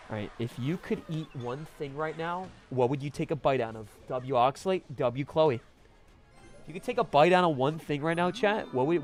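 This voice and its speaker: A high-pitched man talking to his stream chat in a quick, casual way. He drops into low mumbles, then bursts into loud protests. Soft music plays behind him. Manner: animated, swings from mumbled asides to loud protests.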